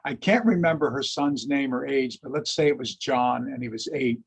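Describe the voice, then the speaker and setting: Male history lecturer, husky and gravelly, an animated anecdote-teller. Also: mid-range voice, normal speed. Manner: animated storyteller, acts out quotes. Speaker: lecturer and teacher.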